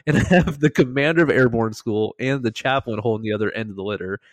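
A man hosting a podcast, telling a story in a casual, animated way, swearing freely and acting out what others said. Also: medium pitch, fast, no room sound. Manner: animated, profane, acts out quoted lines. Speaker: podcast host.

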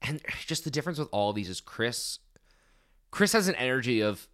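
A man co-hosting a casual recap podcast, talking in an animated way and acting out quotes. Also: mid-range voice, a little fast, smooth. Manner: animated, acts out quotes in a shifting voice. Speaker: podcast co-host.

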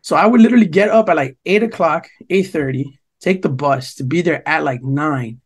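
A man's voice: a little high, fairly quick, husky. A young man from New Jersey, co-hosting a podcast, telling a long, profane story in casual chat and quoting other people's lines. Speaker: podcast co-host.

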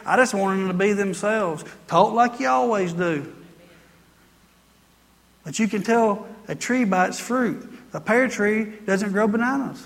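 A man's voice: high-pitched, moderate pace, fairly bright tone, big-room sound. A male pastor preaching a sermon in a folksy, emphatic way and quoting scripture.

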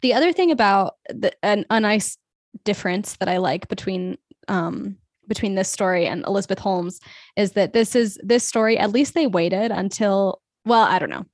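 A woman's voice: medium pitch, normal speed, no echo, clean studio sound. A woman in casual chat about a TV series who laughs easily and rambles.

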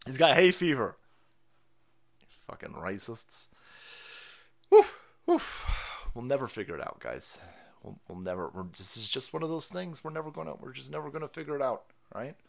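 A man's voice: medium pitch, big pitch swings, normal speed, creaky, long pauses. A man hosting a livestream, ranting in profane, mocking commentary and laughing often. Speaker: livestream host.

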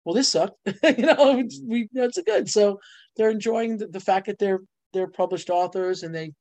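Middle-aged woman, bubbly storyteller, dry close sound, animated guest. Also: medium pitch, normal speed, no echo. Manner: bubbly storyteller, laughs often, voice jumps up on punchlines. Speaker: guest, ghostwriter and publisher. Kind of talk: animated casual interview talk.

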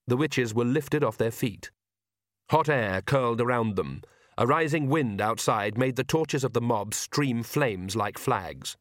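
A male narrator reads a comic fantasy story in a measured, wry voice. His pitch sits in the middle range, and the recording is close and dry with no room sound. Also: dry recording. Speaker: audiobook narrator. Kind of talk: scripted narration.

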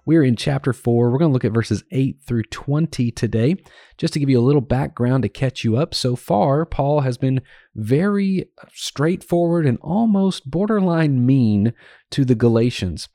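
A man's voice: mid-range voice, lively intonation, normal speed, dark tone, no echo, studio quality. A man hosting a Bible teaching podcast, explaining and paraphrasing verses in an earnest, conversational way. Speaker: podcast host teaching scripture.

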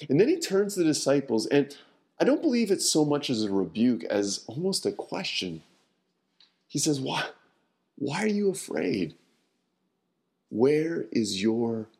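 A man reading a Bible passage and giving an earnest devotional sermon, slowing down and lowering his voice at key points. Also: darkish tone. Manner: repeats words when starting phrases. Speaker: preacher.

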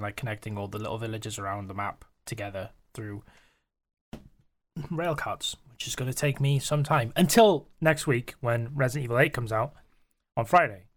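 A man's voice: medium pitch, fairly bright tone. Joking man in casual chat. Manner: joking, laughs often, trails off with fillers. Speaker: podcast co-host.

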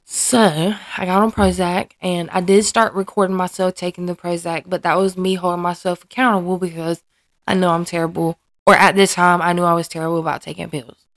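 This podcast host and mother speaks briskly in a lowish voice with little pitch movement, and the recording has no echo. She's earnest and emotionally open in a candid personal monologue, hesitating, restarting and hunting for words as she discusses her life.

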